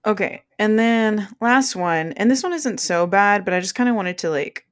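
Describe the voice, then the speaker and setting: A woman in her late twenties chats on a podcast with a relaxed, self-mocking manner. Her voice has a light vocal fry, and she swears casually as she talks. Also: mid-range voice, moderate pace. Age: 20s. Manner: laid-back, swears casually, laughs at herself. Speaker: podcast co-host.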